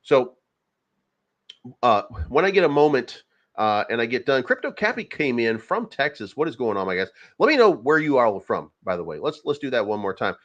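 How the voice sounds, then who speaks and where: Man, crypto livestream host, casual commentary, rambling, fillers, profane, medium pitch, muffled lo-fi audio. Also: big pitch swings, moderate pace, a bit bright.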